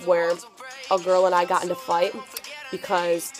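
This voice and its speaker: A teenage girl telling a story on her vlog in an excitable, gushing way, full of "like" fillers. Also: on the low side, normal speed. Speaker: vlogger. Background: background music.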